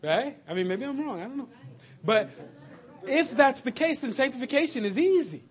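A man preaching a sermon to his congregation, animated, laughing and shouting at times. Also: extremely high pitch, normal speed, a faint crowd. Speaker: pastor. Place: church sanctuary.

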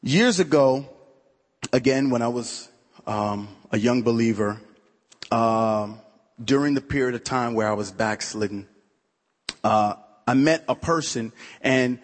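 In a church sanctuary with a big-room sound, a pastor tells his own testimony during a sermon. He speaks at medium pitch and a measured pace with long pauses, storytelling conversationally with lots of "you know" asides.

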